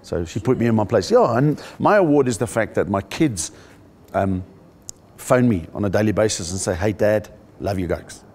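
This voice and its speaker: A middle-aged South African man, a comedian in a casual interview, telling animated stories and acting out other people's voices. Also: lowish voice, normal speed.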